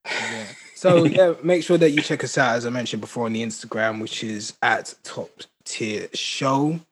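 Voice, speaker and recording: A man's voice: medium pitch, normal speed, husky. A man hosting a casual podcast, bantering and teasing his co-hosts before signing off. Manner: teasing, laid-back banter. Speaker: podcast host. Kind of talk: casual chat.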